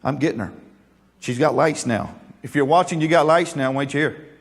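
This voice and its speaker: A man's voice: fairly high pitch, moderate pace, big-room sound. A male pastor preaching a sermon, folksy and joking, then earnest and emphatic.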